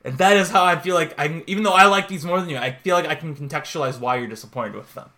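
Young male podcast co-host, chatty and rambling, retells scenes in voices, slightly higher voice. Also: quick pace, pushed and bright. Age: 20s. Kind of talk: casual chat.

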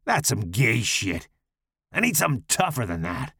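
A hulking, deformed slasher villain, voiced by a man, sneers through a rough, gravelly growl that swings between low menace and crude mockery. His speech rises and falls widely, and the audio is close and dry. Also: very animated, normal speed, fairly bright tone, no echo, heavily acted. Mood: menacing, crude. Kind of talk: audiobook character voice.

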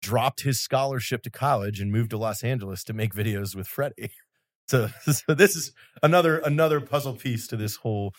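Chatty co-host man, mid-pitched. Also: a little fast, no echo, studio quality. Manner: chatty, casual, laughs and chimes in. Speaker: podcast co-host. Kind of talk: casual conversation.

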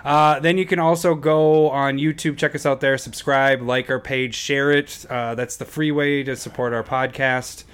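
A man's voice: medium pitch, moderate pace, few pauses, smooth. Chatty laughing podcast co-host man. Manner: laughs often, animated storytelling. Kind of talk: casual podcast chat.

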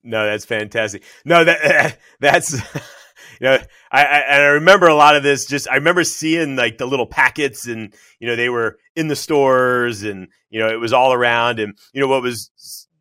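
A man's voice: medium pitch, moderate pace, sharp tone, clean tone, no echo, studio quality. A man hosting an interview, enthusiastic and rambling with fillers. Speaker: podcast host. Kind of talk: casual interview chat.

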